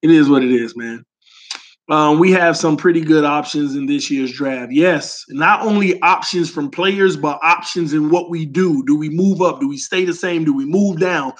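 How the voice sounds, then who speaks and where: Young dude, high pitched, animated slangy sports talk. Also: male voice, normal speed. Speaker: sports fan channel host. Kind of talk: casual chat reading live comments.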